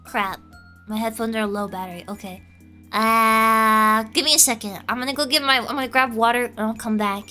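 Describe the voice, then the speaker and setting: A young woman streamer chatting loudly with her chat, nearly yelling every word and often giggling. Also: a little high, steady tone, moderate pace, faint music behind. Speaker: VTuber streamer. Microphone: headset.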